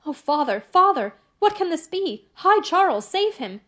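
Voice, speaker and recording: Anxious young wife, faltering, pleading, high voice, audiobook, woman voicing. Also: sing-song, moderate pace, fairly bright tone, heavily acted. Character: anxious, gentle young wife, easily startled.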